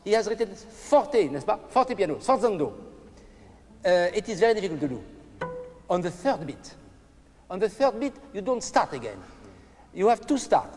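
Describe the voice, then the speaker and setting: A man's voice: high-pitched, normal speed, long pauses. An older man with a French accent coaching a cello master class, singing phrases on syllables. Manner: animated, sings phrases on syllables. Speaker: cello teacher. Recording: roomy hall with loud cello.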